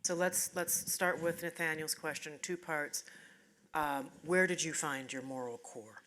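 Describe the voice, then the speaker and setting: Female moderator, low voice, brisk, faint noise behind. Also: a bit bright. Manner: brisk, steering questions.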